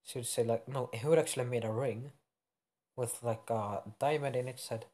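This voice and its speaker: A young man makes up a fan story aloud, stopping to correct himself and filling gaps with hesitations. His voice sits at a middle pitch, unremarkable and conversational. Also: steady tone, moderate pace, warm tone. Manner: rambling, self-correcting, many fillers. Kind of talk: improvised fan-fiction narration.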